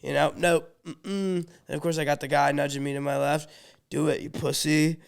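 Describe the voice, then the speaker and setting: Man, podcast co-host, hoarse, gravelly, higher-pitched, profane, animated storyteller. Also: fairly quick. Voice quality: gravelly, losing his voice. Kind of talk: casual storytelling chat.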